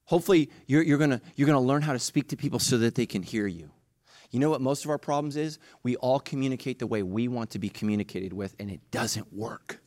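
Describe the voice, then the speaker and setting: A middle-aged man preaching a sermon as pastor. He talks passionately, jumping from loud bursts to hushed, slow emphasis. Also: mid-range voice, no echo, studio quality.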